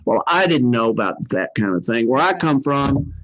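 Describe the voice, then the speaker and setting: A man's voice: mid-range voice, big pitch swings, moderate pace, crowd noise. Older man telling his story earnestly. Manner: rambling, earnest storytelling with many fillers. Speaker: interview guest, cancer survivor. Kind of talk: storytelling interview. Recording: dull, dry lo-fi sound.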